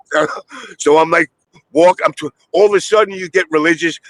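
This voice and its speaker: A man streamer telling a crude story in casual chat, animated, with put-on voices for the people in it. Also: fairly high pitch, normal speed, rough recording.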